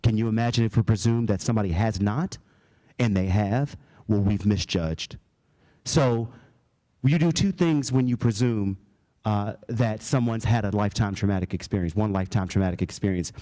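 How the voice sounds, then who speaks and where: A man's voice: lowish voice, moderate pace, warm tone. A man giving a conference keynote, telling stories and laughing at his own anecdotes. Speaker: keynote speaker. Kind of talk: storytelling keynote speech. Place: conference hall.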